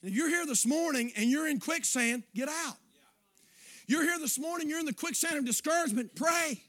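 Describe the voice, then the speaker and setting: A preacher man with a very high, bright voice. He preaches in a folksy way, sliding from hushed asides up to shouted appeals. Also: expressive, normal speed. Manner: folksy, swings between quiet asides and shouting. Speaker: pastor. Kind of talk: sermon.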